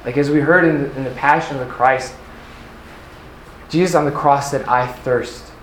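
A young retreat speaker with a slightly high voice talks at normal speed and fairly even intonation, sharing an earnest personal testimony with youth. He uses lots of fillers, and the recording has echo, faint ambience, and a little hiss or hum.

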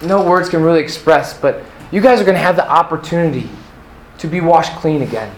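In an echoey room with faint ambience, a young man with a fairly high voice gives a brisk, earnest testimony at a youth retreat. His personal faith talk is full of fillers.

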